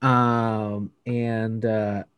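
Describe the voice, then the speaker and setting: A man's voice: fairly low pitch, level tone, drawn-out words, fairly bright tone, smooth. A man in his thirties, co-hosting a casual podcast chat and telling stories in a laid-back way with plenty of fillers. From Mexico. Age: 30s. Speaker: podcast co-host.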